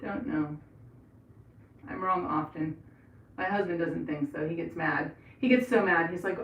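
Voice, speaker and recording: A woman's voice: lowish voice, normal speed, long pauses, dull audio. Chatty American woman in an echoey bathroom. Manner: rambling, chatty, reads out chat messages. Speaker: livestream host. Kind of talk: casual livestream chat. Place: home bathroom, painting trim. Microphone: camera set across the room. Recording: echoey room, voice far from mic, faint noise.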